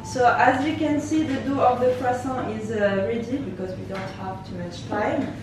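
A woman's voice: a little high, normal speed, reverberant, over a noisy crowd, low-quality recording. A woman guiding a group through shaping croissants, patient and instructive. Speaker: baking instructor. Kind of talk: hands-on cooking instruction.

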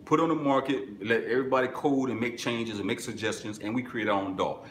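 A man hosting a live music-business webinar, reading chat and answering casually, with sudden excited bursts between relaxed stretches. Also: a little fast, hardly any pauses. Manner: excitable bursts, then drops low and relaxed. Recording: echoey room, faint background noise.

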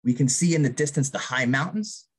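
A man's voice: mid-range voice, lively intonation, fairly quick, husky. A man lecturing on archaeology to a public audience, enthusiastic, often checking in with "right?". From Vermont's Northeast Kingdom. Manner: enthusiastic, frequent tag "right?".

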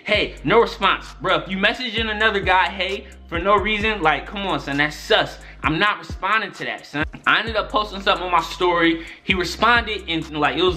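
A man's voice: sits high, sharp tone. A young man telling a story-time tale in casual, profane slang, often repeating "son" and "my nigga". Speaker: YouTube storyteller.

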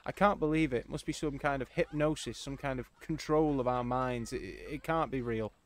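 A man's voice: mid-range voice, moderate pace, natural voice. A man voicing a shaken, disbelieving male scientist who stammers and insists. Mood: panicked. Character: panicked male scientist, middle-aged, disbelieving.

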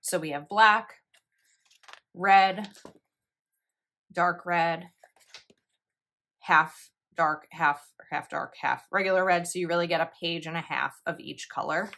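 Woman, 30s, chatty giggly vlogger voice, bright and crisp, on the lower side. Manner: chatty and giggly, reads quickly. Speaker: planner vlogger. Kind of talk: casual product review, reading sticker quotes.

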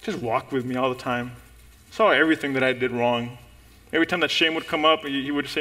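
In church, a preacher with a slightly high voice delivers his sermon fast. He tells a story with animation and calls out to the people in the pews.

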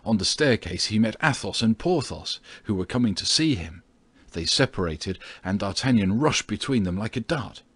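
Male narrator, measured and steady, low husky voice, dry recording. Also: no echo. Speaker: audiobook narrator. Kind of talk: scripted narration.

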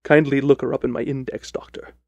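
A man's voice: medium pitch, steady tone, fairly quick, no echo, close to an everyday voice. A man voicing a cool, languid male detective in a radio drama, speaking in a dry, clipped, understated way.

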